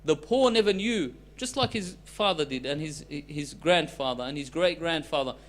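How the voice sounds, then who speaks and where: A man preaching a sermon as a story, with loudness that swings between emphatic lines and soft, hushed ones. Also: a little high, expressive, normal speed.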